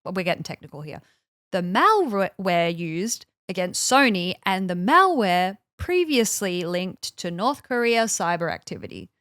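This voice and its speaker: A woman's voice: on the low side, big pitch swings, a little slow, fairly bright tone, dry recording, studio quality. A woman co-hosting a podcast, telling a story in casual chat, full of fillers and little acted-out quotes. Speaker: podcast co-host. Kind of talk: casual chat, recounting events.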